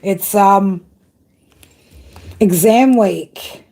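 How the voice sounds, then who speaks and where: A woman's voice: mid-range voice, extremely slow, dark tone. A woman doing a live-stream tarot reading, ranting bluntly with heavy swearing and chatting to viewers. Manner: blunt, heavily profane ranting. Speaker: tarot reader.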